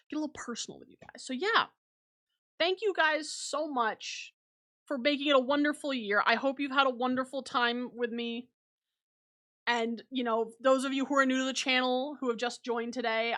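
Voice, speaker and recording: A woman's voice: a little high, a bit bright. Chatty young woman streamer. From a small remote place. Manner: rambling, grateful, many fillers and restarts. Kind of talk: casual stream sign-off chat.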